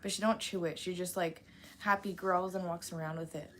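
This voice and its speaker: A woman's voice: on the low side, steady tone, brisk, fairly bright tone, slight background noise. A young woman chatting casually to her live chat, rambling with lots of fillers, laughing often and swearing freely. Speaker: livestream host.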